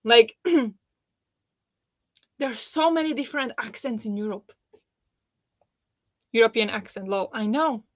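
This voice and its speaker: A woman's voice: a little high, expressive, unhurried, pauses often, dry recording. A woman hosting a live book club discussion, casual, blunt and sarcastic, laughing often. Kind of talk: casual live-stream chat.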